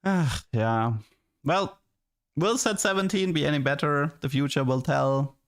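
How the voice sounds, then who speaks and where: Young man, streamer, casual chat, slightly high voice, stammering, rambling. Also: a little slow, a bit bright. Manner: rambling, stammering, repeats words, laughs often.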